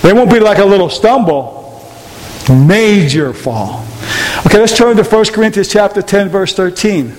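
A man's voice: high voice, sing-song, normal speed, a little mellow. A man preaching a sermon to a congregation, emphatic and repeating rhetorical questions. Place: large room with an audience. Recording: long hall reverb, faint hiss.

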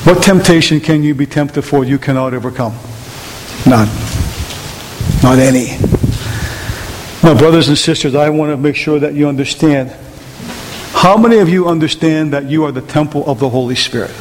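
A man's voice: on the high side, moderate pace, pauses often. A man preaching a sermon to a congregation, emphatic and repeating rhetorical questions. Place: large room with an audience. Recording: long hall reverb, faint hiss.

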